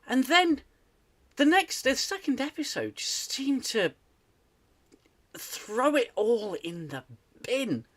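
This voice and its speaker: A man from the UK hosting a casual live stream chat, animated and ranting, with lots of restarts. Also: extremely high pitch, takes it slowly, pauses often. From United Kingdom. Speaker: host.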